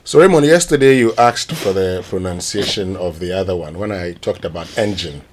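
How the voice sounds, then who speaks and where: A man's voice: sits low, normal speed, a little hiss or hum. A man co-hosting a morning radio show, patiently explaining pronunciation and leading into segments. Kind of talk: casual studio chat, pronunciation segment. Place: radio studio.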